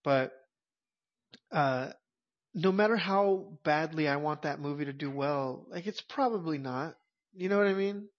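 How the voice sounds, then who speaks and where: Guy cohosting a movie podcast, blunt, cusses a lot, kinda high voice, muffled lo-fi audio. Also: a little slow. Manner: blunt, swears a lot, emphatic. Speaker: podcast co-host. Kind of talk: casual chat. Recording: dull lo-fi audio.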